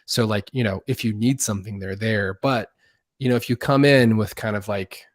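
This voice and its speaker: Low-voiced storytelling man on a video call. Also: normal speed, dry recording, studio quality. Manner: many fillers and restarts, acts out quoted voices. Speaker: guest YouTuber. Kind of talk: animated storytelling.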